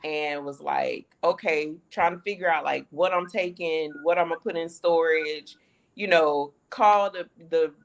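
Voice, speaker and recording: A woman from the United States telling a lively story in a casual chat, acting out the dialogue. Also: deep voice, unhurried, creaky. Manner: animated storyteller acting out quoted dialogue, laughing often. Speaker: panelist sharing her relocation story.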